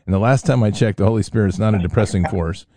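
A man's voice: on the low side, quick pace, mellow, a little hiss or hum. A man hosting a faith talk show, addressing his audience and affirming his guest. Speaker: host.

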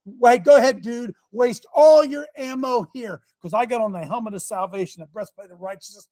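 A man preaching a fiery sermon, folksy and combative, with slang and sudden shouts. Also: extremely high pitch, a little fast, dry recording. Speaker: pastor.

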